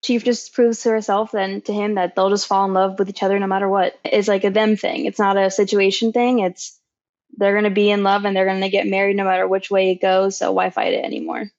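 A woman's voice: medium pitch, flat delivery, a little fast, darkish tone, no echo. Woman on a movie panel, upbeat and chatty, dull dry recording. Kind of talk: casual film discussion.

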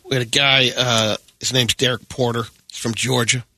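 A man reading news items on a morning radio show, steady with dry asides. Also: mid-range voice, moderate pace. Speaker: radio news segment host.

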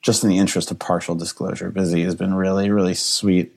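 A man's voice: low-pitched, flat delivery, fast, vocal fry. A man, a comedian guest on a podcast, talking in an earnest, emotional way, full of restarts and fillers. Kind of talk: casual podcast chat.

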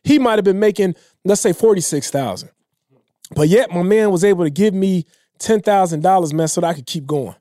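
A man in his thirties telling a personal story in a casual, emotional way, dropping low and quiet when he quotes others. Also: brisk, no echo, studio quality. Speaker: podcast guest.

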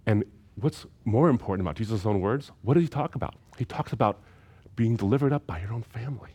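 Low-voiced man giving an emphatic lecture. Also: fast talker, darkish tone, slightly rough. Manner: emphatic, repeats key phrases for effect. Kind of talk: recorded seminary lecture.

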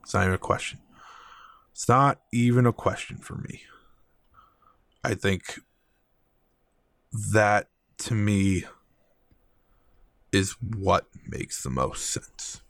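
A man's voice: lowish voice, slow, vocal fry, long pauses, a bit bright, no echo. A man hosting a solo podcast, talking with eager, opinionated enthusiasm and lots of ums and uhs. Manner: enthusiastic, opinionated, many fillers. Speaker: podcast host. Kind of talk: solo wrestling podcast talk.

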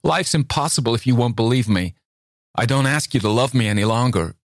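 A man with a low voice playing an eager young American woman who pleads her love in a raised, emotional voice. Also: a little fast, no room sound, clean studio sound, close to an everyday voice. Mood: despairing. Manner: breathless, imploring, emotional.

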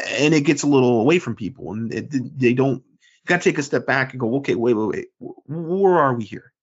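A slightly husky man co-hosts a casual sports podcast, talking in long rambling runs and slipping into quick mimicked voices of fans. His voice sits at an ordinary middle pitch, and the recording comes through dull and lo-fi. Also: lively intonation. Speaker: podcast co-host and forum moderator. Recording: dull lo-fi sound.

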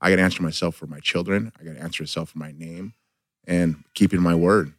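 Deep-voiced, earnest middle-aged man. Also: steady tone, no room sound. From Southern California. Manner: halting, earnest, full of ums and restarts. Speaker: guest. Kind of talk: casual podcast conversation.

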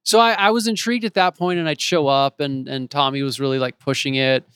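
Smooth-voiced man telling lively anecdotes. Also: medium pitch, brisk, no echo, clean studio sound. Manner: animated, acts out quoted voices in his stories. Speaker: interview guest, actor and author. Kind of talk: casual storytelling in an interview. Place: home in Los Angeles.

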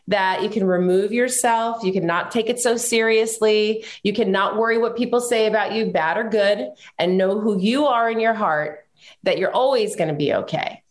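A woman hosting a podcast interview, speaking in an encouraging, affirming way. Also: fairly high pitch. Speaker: podcast host. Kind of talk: supportive interview chat.

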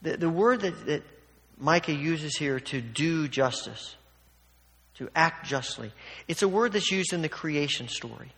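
Male pastor, conversational and emphatic sermon, higher-pitched voice. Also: expressive, a little slow, a bit bright. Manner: conversational, emphatic, acts out quotes. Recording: long hall reverb.

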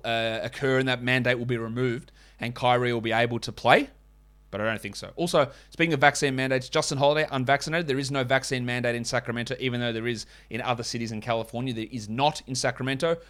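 A man's voice: medium pitch, steady tone, a little fast, fairly bright tone. Fired-up ranting sports podcast man. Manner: ranting, sarcastic, mocks others in put-on voices. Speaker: fantasy basketball podcast host.

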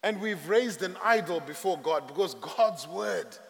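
A man preaching a sermon with dramatic, emphatic, drawn-out phrasing. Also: high voice, expressive, creaky. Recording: echoey hall.

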